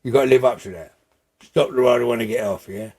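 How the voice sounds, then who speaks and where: A man's voice: medium pitch, fast, warm tone, breathy edge. An older man from London giving a blunt, sweary interview, hammering points home with "right?". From London, England. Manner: swears freely, repeats "right?", emphatic preaching. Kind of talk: blunt casual interview talk.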